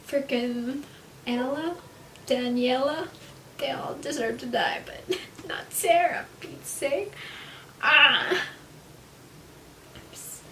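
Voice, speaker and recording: Slow-talking young woman, distant mic. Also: high-pitched, echoey room. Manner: chatty, laughs often, drops to whispers. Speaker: book vlogger. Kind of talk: casual reading vlog. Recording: distant mic with steady background hiss.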